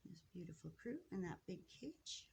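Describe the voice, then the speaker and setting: A woman filming her pet finches indoors, talking casually and haltingly, upset and close to tears, often apologizing and restarting. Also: lowish voice, animated, creaky, noisy background. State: tearful, upset. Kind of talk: casual off-the-cuff narration to camera. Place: indoors at home near a birdcage.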